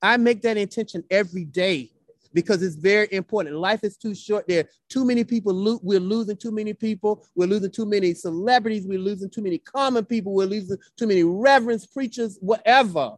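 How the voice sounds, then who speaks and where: A man's voice: sits high, fast talker, few pauses, no echo, clean studio sound. A man from Florida, a poet guest in an interview, speaking with a rhythmic, repetitive, preacher-like cadence. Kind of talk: heartfelt conversational interview.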